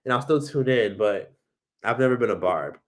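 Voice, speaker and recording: A man's voice: mid-range voice, expressive, moderate pace. Chatty man hosting a live stream. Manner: chatty, swears freely, reads viewer comments aloud. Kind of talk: casual live stream chat.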